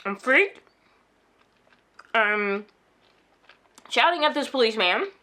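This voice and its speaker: A woman vlogging at home, shaken and upset, telling a story in a rushed, animated way and acting out the people in it. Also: a little high. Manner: animated, rushed retelling with quoted voices. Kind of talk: casual storytelling vlog. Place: at home indoors.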